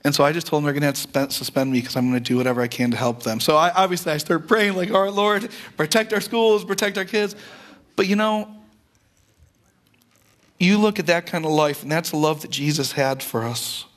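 High-voiced earnest male pastor preaching. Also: quick pace, fairly bright tone. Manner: earnest and conversational, with repeated words and restarts. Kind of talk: sermon.

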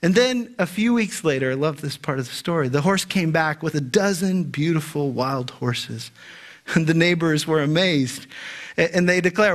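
A man preaching a sermon to his congregation, his voice sitting a little higher than most men's. He tells a parable, slows right down to land key lines, and presses the congregation with rhetorical questions. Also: a bit bright. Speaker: pastor. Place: church sanctuary.

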